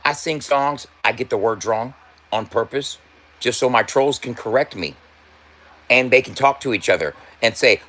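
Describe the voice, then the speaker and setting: A man's voice: medium pitch, moderate pace, a bit bright. A man, a tattoo artist and rapper, telling a loose, profane story to his viewers, laughing often, repeating and stumbling over his words, stoned.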